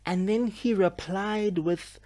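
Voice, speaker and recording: A young man, talking casually to camera at home. He is expressive and frustrated, and he uses lots of fillers. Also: sits high, slow pace. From South Africa. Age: 20s. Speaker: medical student vlogger. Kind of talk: casual vlog monologue. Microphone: camera with a mic.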